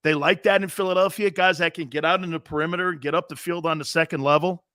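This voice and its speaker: Brash sports-talk host in his fifties, foul-mouthed, high male voice, dry close sound. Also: fairly even intonation, fast talker, sharp tone, no room sound. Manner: brash, profane, mocking.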